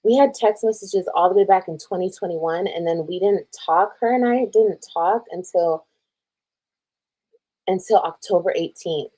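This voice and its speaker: As she tells a personal story on a casual stream, a Texan woman reads old texts aloud, swears freely and reacts while scrolling. Her voice is lowish and dark, delivered at a normal speed.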